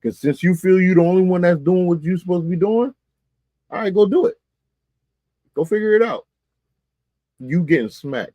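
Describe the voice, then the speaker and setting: A man's voice: high voice, fairly quick, pauses often, warm tone, no echo. A man co-hosting a live-streamed sports talk show, talking emphatically in colloquial speech and repeating phrases for effect.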